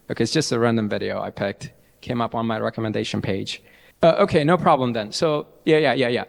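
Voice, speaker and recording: Energetic young trainer in a reverberant hall. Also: male voice, medium pitch, gravelly. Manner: energetic, chatty, restarts often. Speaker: IELTS trainer. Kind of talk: live training talk. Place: large event hall.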